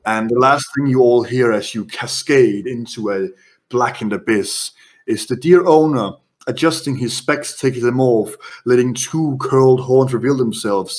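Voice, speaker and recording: A man running a horror tabletop game as game master, narrating scenes in quick descriptive bursts. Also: mid-range voice.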